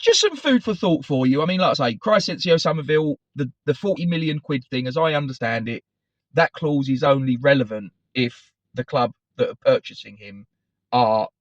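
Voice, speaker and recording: A man's voice: medium pitch, lively intonation, normal speed, dry recording. A middle-aged man, chatting on his fan channel in a digressive, self-correcting way. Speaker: football fan channel host. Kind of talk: casual rambling commentary to camera. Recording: dry, slightly dull recording.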